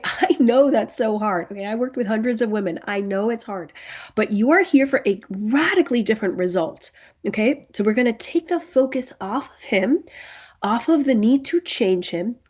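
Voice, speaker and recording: A middle-aged woman coaches wives on their marriages in a direct, emphatic talk. Her voice sits in a middle pitch, and she stretches out words she wants to land. She keeps pausing on "okay" and asking whether the listener sees it. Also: a little mellow. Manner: emphatic, repeats "okay" and "do you see it", slows to stress words.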